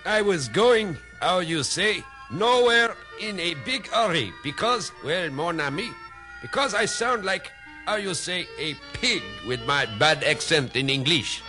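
An actor playing a bumbling man with a thick mock French accent, halting and searching for words. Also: high voice, animated, sharp tone, soft background music, voice pushed up, heavily acted. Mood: sheepish.

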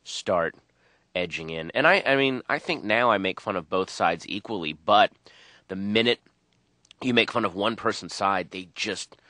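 A man in his thirties, a stand-up comedian, rambling and animated as he tells stories in a radio interview. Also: fairly low pitch, moderate pace, dry recording. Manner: rambling, animated storytelling with quoted voices.

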